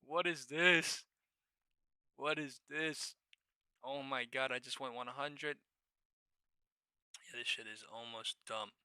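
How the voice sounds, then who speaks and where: Excitable, profane stock streamer guy. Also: medium pitch, slow, pauses often, smooth, no room sound. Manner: profane, excitable, laughs and shouts at market moves. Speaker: live stock trading streamer. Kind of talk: live-stream market commentary.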